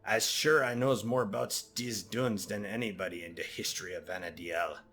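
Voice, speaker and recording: Guy doing a low bright goblin trader voice, caribbean-ish lilt, slangy and pushy about his price. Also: fairly even intonation, normal speed, faint music behind. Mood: wheedling. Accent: loose put-on Caribbean-ish lilt. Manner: broken slangy grammar, haggling. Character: greedy scheming male goblin desert scout.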